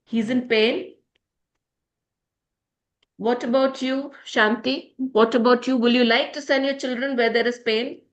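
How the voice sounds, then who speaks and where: High-voiced woman leading a positivity session. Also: fairly even intonation, measured pace, pauses often, reverberant, highs cut off. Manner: emotional, addresses listeners by name. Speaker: positivity group leader. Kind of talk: motivational group session.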